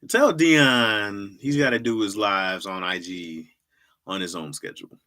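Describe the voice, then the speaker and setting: A man's voice: on the low side, measured pace, bright, forceful tone. A man hosting a livestream, chatting casually with viewers in a laid-back, slangy way and laughing often. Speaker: livestream host and comedy writer.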